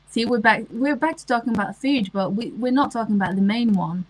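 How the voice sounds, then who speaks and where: A woman's voice: a little high, moderate pace, slight background noise, low-quality recording. A woman, chatting casually on a livestream and answering comments, with lots of ums and restarts. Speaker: livestream host.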